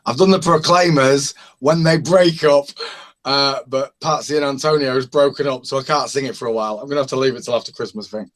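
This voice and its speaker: This open-mic hangout participant talks a little fast in a mid-range, fairly bright voice. He's chatting casually online, chuckling and rambling as he runs through the parody songs he's created.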